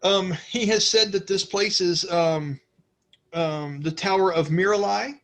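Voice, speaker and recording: A man's voice: high voice, a little slow, a bit bright. A man narrating a tabletop game as game master, rambling with many fillers.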